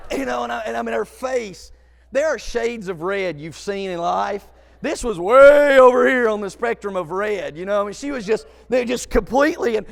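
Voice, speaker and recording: A man telling a comic story, animated, acting out other people and shouting at the big moments. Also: extremely high pitch, moderate pace, gravelly, in a large hall. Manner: animated, acts out voices and shouts.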